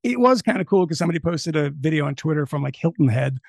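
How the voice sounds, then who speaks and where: Gravelly man joking in a chat. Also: on the high side, animated, fast talker, darkish tone, no echo, studio quality. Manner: joking, sarcastic asides. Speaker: podcast co-host guest. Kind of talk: casual political chat.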